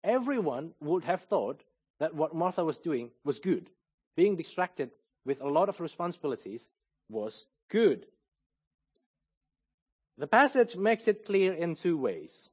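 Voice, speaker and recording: Male preacher, measured teaching sermon, lively pitch, slightly high voice. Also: husky, lo-fi sound. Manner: measured, explanatory, lively intonation.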